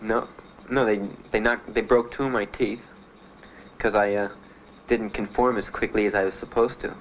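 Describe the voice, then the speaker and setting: Older man, interviewee, halting and plain, fillers throughout; dull, slightly noisy archival audio. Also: fairly low pitch, fairly even intonation. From Miami. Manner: plain, halting storytelling with many "uh"s and "you know"s. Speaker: Vietnam veteran interviewee. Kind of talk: personal recollection in an interview.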